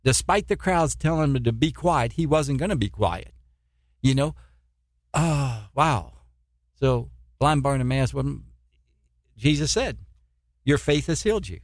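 A man's voice: medium pitch, animated, measured pace, long pauses, no room sound, studio quality. A man preaching an informal sermon in a plain, earnest way, often restarting his sentences. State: eye pain, poor sleep.

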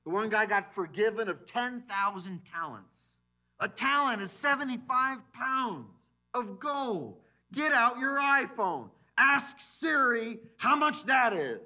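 Male pastor, sermon, church sanctuary; high, sharp, very animated delivery. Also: unhurried. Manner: animated, swinging between loud emphasis and quiet asides.

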